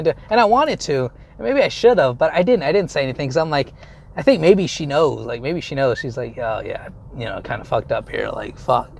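A young adult man tells a story straight to camera in a loose, rambling way, full of fillers and casual cursing. His voice has a gravelly, creaky edge at a mid pitch. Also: animated, fairly quick.

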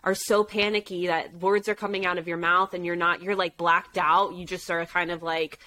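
A woman's voice: fairly low pitch, moderate pace, poor audio. A young woman co-hosting a podcast, chatting animatedly about a dating show and acting out what people said. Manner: chatty, animated, quotes people in playful voices. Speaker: podcast co-host. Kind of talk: casual chat recapping a dating show.

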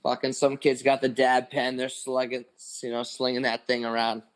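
A man's voice: mid-range voice, little pitch movement, normal speed. A man in his twenties, a podcast co-host, telling a long story in casual chat, rambling with lots of "like" and swearing.

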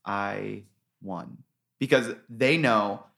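Low-voiced easygoing dad. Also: male voice, drawn-out words, vocal fry, fairly bright tone. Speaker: father. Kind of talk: casual chat.

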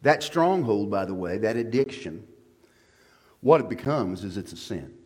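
A man preaching a sermon as pastor, moving from low quiet talk to loud, fervent passages. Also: very animated, unhurried, long reverb tail.

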